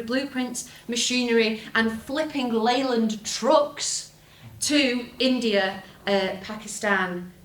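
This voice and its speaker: A woman's voice: on the high side, fairly bright tone. A young woman with a Lancashire accent giving a talk at a folk festival, with a wry, self-mocking humour and laughing asides. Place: festival talk venue, indoors. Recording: echoey room from a live talk.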